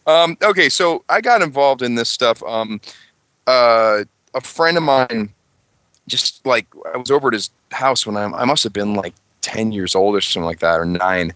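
A man chatting casually on a gaming podcast, rambling and joking, quick to laugh. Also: medium pitch, a bit bright, dry recording. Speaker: tabletop game master on a gaming podcast.

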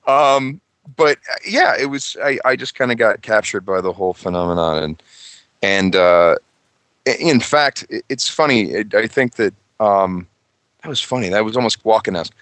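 A man chatting casually on a gaming podcast, rambling and joking, quick to laugh. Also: lowish voice, animated, fairly bright tone, dry recording. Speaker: tabletop game master on a gaming podcast.

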